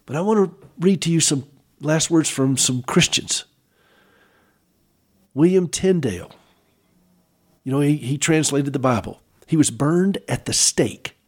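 Man, devotional speaker, unhurried and reflective, slightly raised pitch, lots of emphatic pauses. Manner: asks the listener direct questions. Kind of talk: devotional Easter talk.

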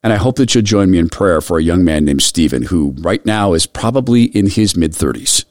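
Earnest low-voiced man hosting radio. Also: lively intonation, brisk, no echo, studio quality. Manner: earnest, soft storytelling that drops quiet when moved. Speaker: radio show host. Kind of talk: radio commentary with personal story and prayer.

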